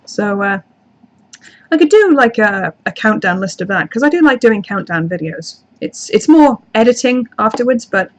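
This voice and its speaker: A woman's voice: a little high, animated, moderate pace. A young woman hosting a casual livestream, reading and answering chat in a chatty, self-deprecating way with frequent restarts. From outside the United States. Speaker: channel host reading live chat.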